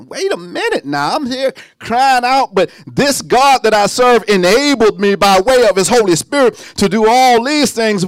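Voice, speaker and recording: A man preaching a sermon in a high, very lively voice that climbs into near-song and then drops to a hushed murmur. The sound is dry and close. He talks in an easygoing Southern Black way. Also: no room sound. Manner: animated preaching with sung lines and dramatic drops to a hush.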